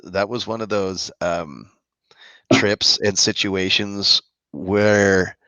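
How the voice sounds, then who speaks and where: Deep-voiced man rambling on a live chat. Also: steady tone, pushed and bright, dry recording. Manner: rambling, halting restarts, friendly. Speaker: co-host of a musicians' live chat. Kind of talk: casual live-stream chat. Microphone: video call. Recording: dull lo-fi stream audio.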